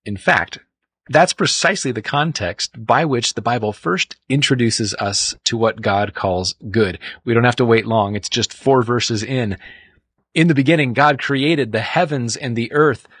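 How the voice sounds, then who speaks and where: Male radio host, measured devotional read, breathy edge, dry booth mic. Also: medium pitch, a bit bright, no room sound. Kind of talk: scripted devotional radio talk.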